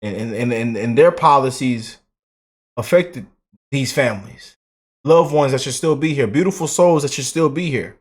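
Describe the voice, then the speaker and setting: Animated, mocking male commentary host. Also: medium pitch, moderate pace. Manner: animated and mocking, slangy, repeats words, laughs often. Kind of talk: casual reaction commentary.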